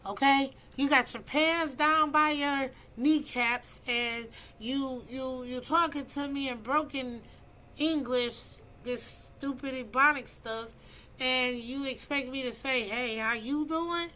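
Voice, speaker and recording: Blunt high-voiced woman in her fifties. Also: steady tone, slow pace, bright, forceful tone, slight background noise, low-quality recording. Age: 50s. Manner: blunt, preachy, emphatic. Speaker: vlogger giving dating advice. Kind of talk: casual opinionated monologue.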